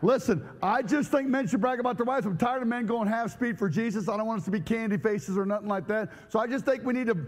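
A man's voice: very high voice, fast, few pauses. A man preaching a humorous sermon to a live congregation, joking energetically and bantering with the crowd. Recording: long hall reverb.

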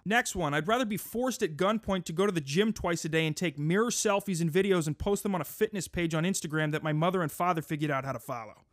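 A podcast host doing a crude, profane comedic monologue, ranting in a mock-pompous way. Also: male voice, fairly high pitch, fast, hardly any pauses, dry recording, studio quality.

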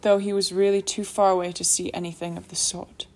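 A woman's voice: on the low side, flat delivery, a little fast, darkish tone. Woman reading a novel aloud. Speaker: audiobook narrator. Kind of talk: scripted narration.

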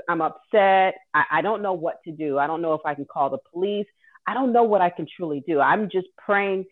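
A woman's voice: fairly low pitch, fairly quick. Woman, earnest storyteller, personal account, tinny phone-like sound. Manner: earnest, vivid retelling. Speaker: guest host sharing her caregiving story.

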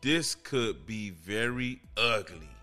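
A man hosting his own podcast, talking casually in an excitable, slangy, emphatic way. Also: on the low side, takes it slowly, music in the background. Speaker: podcast host. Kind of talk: casual solo podcast commentary.

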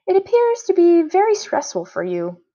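A woman voicing a calm, gentle alien girl who speaks in a measured way, read from a storybook. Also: extremely high pitch, voice pushed up, full character voice. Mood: apologetic. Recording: dull lo-fi audio.

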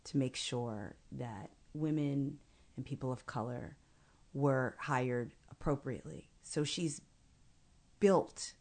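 Low-voiced woman telling a heartfelt story. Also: a little mellow. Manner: earnest, measured, slows for emphasis. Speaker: guest. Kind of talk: personal storytelling in conversation.

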